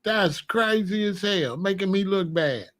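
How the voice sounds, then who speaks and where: With a high-pitched voice, lively intonation and a measured pace, an older man scolds his grandson in a casual video. His rant is profane and taunting, full of laughter and repeated "you know what I'm saying?"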